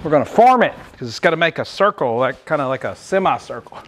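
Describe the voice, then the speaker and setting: A man's voice: a little high, animated, fast talker, slight background noise. A man, out of breath, chatting in a folksy, joking way as he works on a car in his garage. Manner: folksy, joking, talks while working. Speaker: DIY car builder. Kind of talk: casual workshop tutorial.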